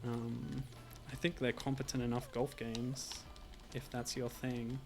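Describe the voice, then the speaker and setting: A man's voice: mid-range voice, little pitch movement, unhurried, vocal fry, music in the background. A man streaming a retro game, chatting casually and wryly with frequent laughs.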